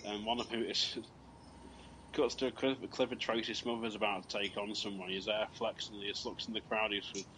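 A man on a podcast call, laughing through his own story and getting loud. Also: on the low side, level tone, normal speed, rough recording. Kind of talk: casual chat. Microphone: Skype call.

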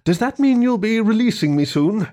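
A man voicing a grumpy, sarcastic male bear elemental in a storybook reading, speaking slowly and dryly. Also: high-pitched, lively intonation, warm tone, pitched above the performer's own voice. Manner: dry, sarcastic, slow and deliberate.

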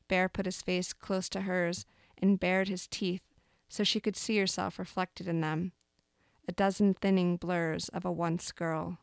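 A woman calmly reading aloud a dark fable, as storyteller. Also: lowish voice, unhurried, gravelly, clean tone, no echo, studio quality.

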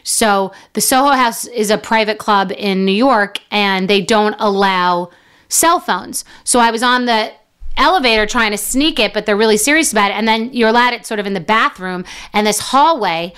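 A woman's voice: medium pitch, moderate pace, a bit bright, clean tone. A middle-aged woman telling a story in a casual monologue, rambling, self-mocking and freely swearing. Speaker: business owner telling a story.

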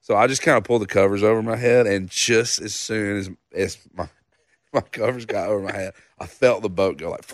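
A man's voice: on the low side, fairly quick, no room sound, clean studio sound. A man in his thirties, a songwriter guest, telling a casual story with laughs and a loose, slangy manner.

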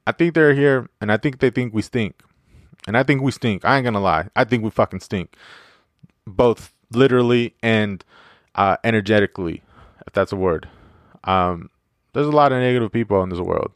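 Male podcast host, solo casual monologue: slightly low, smooth voice, dry close sound, loose and profane delivery. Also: moderate pace, no room sound. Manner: rambling, profane, joking, many fillers.

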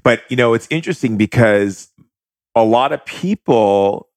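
A man's voice: mid-range voice, measured pace, dry recording, studio quality. A man guest earnestly telling a personal story, acting out the voices he heard. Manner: earnest, animated retelling, acts out voices. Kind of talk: casual storytelling.

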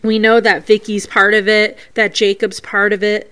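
A woman's voice: mid-range voice, flat delivery, moderate pace, fairly bright tone, clean tone. A woman hosting a paranormal show, earnestly reading out a listener's ghost recording and breaking down each sound step by step.

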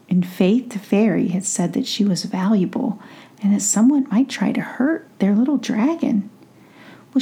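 A woman tells a whispered bedtime story in a slow, soft hush. Her voice is mellow and dark, with a gravelly, breathy edge. The delivery stays gentle and unhurried. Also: medium pitch.

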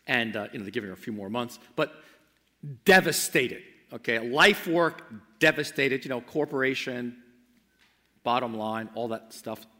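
A man's voice: medium pitch, lively intonation, moderate pace. Man preaching in an echoing hall. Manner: impassioned, swings from loud to hushed and intimate, many restarts. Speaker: pastor. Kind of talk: sermon. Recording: long hall reverb.

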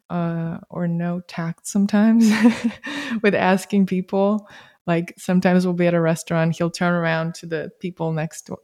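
A woman hosting a casual conversation, talking in a reflective, spiritual, unhurried way. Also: fairly low pitch, darkish tone.

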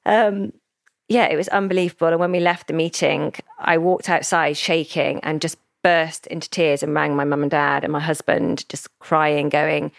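A woman with a fairly low, gravelly voice tells her founder's story in a relaxed interview. She is animated and emotional and slips into quoted voices. The recording is dry and close. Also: normal speed, no room sound. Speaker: founder of a children's brand, podcast guest.

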